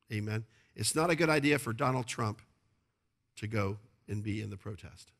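A man's voice: on the low side, moderate pace, a bit bright. A male pastor preaching a sermon, emphatic and repetitive, often asking the congregation to agree.

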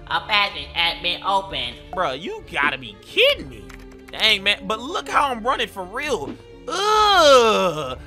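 A young man giving slangy, excitable commentary while playing a cave game, reacting out loud to everything on screen. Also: sits high. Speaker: gameplay streamer. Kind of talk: Minecraft let's-play commentary.

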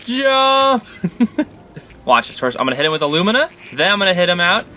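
A man giving let's-play commentary on a game he is playing, excitable and chatty, coaxing the creatures on screen. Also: high voice, quick pace, slight background noise. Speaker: gaming channel host.

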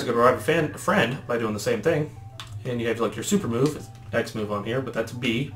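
A man hosting a let's play, chatting casually and rambling, often correcting himself. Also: medium pitch. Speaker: gaming channel host. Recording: roomy echo, faint background noise.

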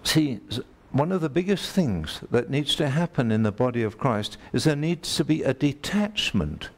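A man delivering a sermon with a gravelly, creaky edge to his voice. He preaches emphatically, repeats his key phrases and turns to ask his listeners direct questions. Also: medium pitch, lively intonation, moderate pace.

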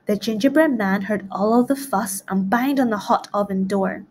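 A woman narrating a children's read-along storybook in a clear, rhythmic rhyming voice. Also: medium pitch, normal speed, a little mellow, a little hiss or hum. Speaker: storybook reader.

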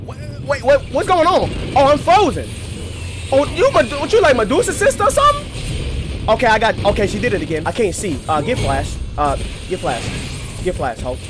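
A young man, commentating his gameplay with loud, excitable trash talk and sudden yelps. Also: very high voice, normal speed. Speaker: gaming streamer. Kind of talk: let's play commentary. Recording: game soundtrack loud under voice. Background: game music.

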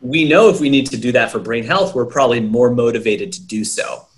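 A man's voice: medium pitch, a little fast. A man, a young adult brain health coach, talking as an interview guest in an earnest, lecturing way, listing examples and checking in with "right?". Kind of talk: explanatory interview talk.

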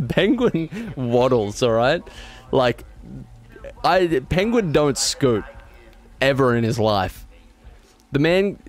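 While streaming a game, a medium-pitched man reads its text passages aloud, stumbling over the words. He keeps breaking off into exasperated rants full of swearing.

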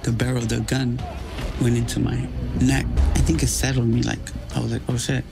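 Gravelly man, halting storyteller, podcast clip with clear music bed underneath. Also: medium pitch, little pitch movement. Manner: halting, filler-heavy retelling. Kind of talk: recounted personal story.

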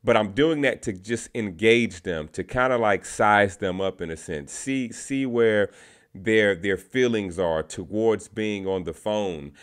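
A man with a fairly low voice talks straight to his viewers in a loose, conversational way. He shares advice from his own sales calls and circles back on words as he thinks. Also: measured pace. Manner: conversational, repeats words, restarts phrases. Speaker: sales representative sharing tips. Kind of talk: casual talking-to-camera advice.

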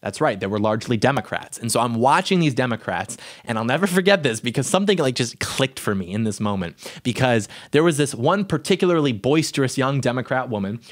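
Young man, political commentator, rapid delivery, mid-pitched, sarcastic and indignant. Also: lively intonation. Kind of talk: opinion monologue.

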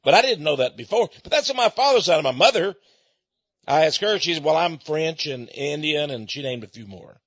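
Animated, husky-voiced man telling stories. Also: fairly high pitch, brisk, no room sound. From Texas. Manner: folksy storytelling with frequent chuckles. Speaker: radio host. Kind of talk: conversational monologue. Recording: dull lo-fi recording.

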